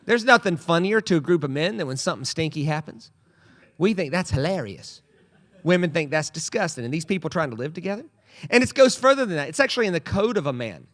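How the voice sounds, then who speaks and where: A man's voice: on the high side, fast. A male pastor preaching a humorous sermon in a church, telling stories with playful comic voices. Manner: animated storytelling with comic voices. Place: church sanctuary.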